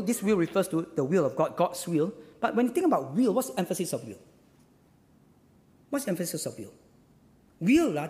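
A man preaching a sermon as a pastor, emphatic, repeating his phrases and pausing on "uh" fillers. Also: high voice, darkish tone, in a large hall.

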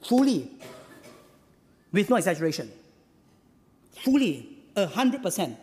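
A man preaching a sermon as a pastor, emphatic, repeating his phrases and pausing on "uh" fillers. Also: high-pitched, sing-song, darkish tone, long reverb tail.

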